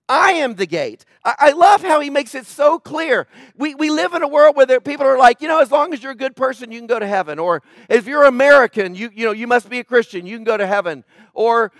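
A male pastor preaches a sermon, emphatically questioning his congregation and swinging between loud emphasis and low, quiet tones. The recording is dry and of studio quality.

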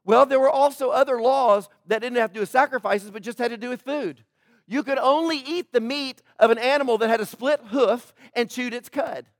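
A man's voice: very high-pitched, brisk, no echo, studio quality. A male pastor giving a sermon, joking with the congregation and acting out voices from the scripture he tells. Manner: animated, joking, acts out quoted voices.

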